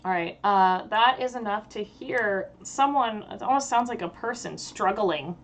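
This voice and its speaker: A woman narrates a tabletop game as its game master. She talks casually and haltingly, with many small pauses, at a mid pitch.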